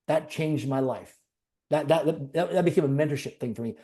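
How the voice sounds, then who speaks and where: A man's voice: a little high, moderate pace, warm tone. A man being interviewed, earnestly telling a personal story in conversation with repetitive, piled-up phrasing. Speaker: interview guest.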